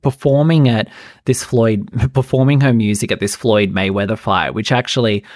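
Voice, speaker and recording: A man's voice: lowish voice, steady tone, moderate pace, a little mellow, no room sound, studio quality. A man hosting a podcast, gossiping casually about reality TV with lots of "like" fillers. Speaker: podcast host.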